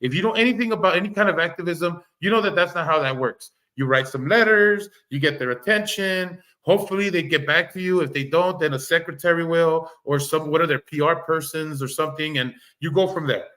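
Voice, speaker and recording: A man with a somewhat high voice rants through a livestream about online drama. He swears freely and keeps stumbling over himself, restarting sentences as he pushes his point. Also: a little fast, hardly any pauses, sharp tone. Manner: heated, repetitive, swears freely, stammers and restarts. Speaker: livestream commentator. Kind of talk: ranting commentary on online drama.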